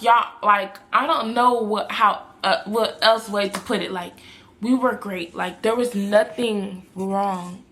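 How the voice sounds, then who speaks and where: A woman's voice: mid-range voice, bright, forceful tone. A young woman vlogger telling a personal story in a casual, rambling way, repeating herself and speaking to viewers as y'all.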